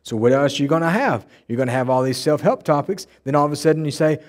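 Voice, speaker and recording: A man's voice: fairly high pitch, fast, hardly any pauses. Emphatic male pastor preaching. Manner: emphatic, animated preaching with mocking quoted voices. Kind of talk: sermon. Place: church sanctuary.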